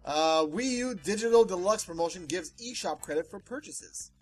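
A man co-hosting a casual gaming podcast, reading news items and riffing excitedly with jokes and swearing. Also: high voice, moderate pace, breathy edge, soft background music, rough recording.

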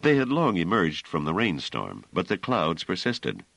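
A man narrating an audiobook in a measured, expressive reading. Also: low voice, vocal fry, dry recording. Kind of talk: scripted narration.

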